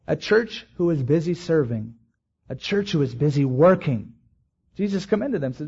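Husky-voiced man preaching a sermon. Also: fairly high pitch, expressive, warm tone. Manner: preaching with swells of emphasis and drawn-out words. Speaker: pastor. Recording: dull lo-fi recording.

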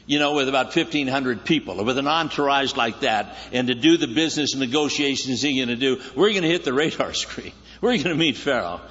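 A man's voice: on the high side, fairly bright tone. A man preaching a sermon as a guest speaker, conversational and joking, often asking the congregation questions. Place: church sanctuary. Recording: echoey church hall, slightly dull sound.

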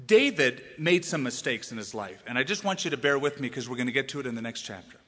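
A man preaching a sermon as pastor, animated and acting out the voices of the people he quotes. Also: medium pitch, fast talker, big-room sound. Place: church sanctuary.

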